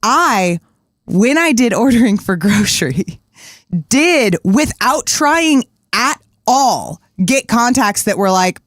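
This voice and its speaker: A woman's voice: on the high side, sing-song, slow pace, no echo, studio quality. A woman co-hosting a podcast in casual chat, candid and blunt, swearing now and then. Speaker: podcast co-host.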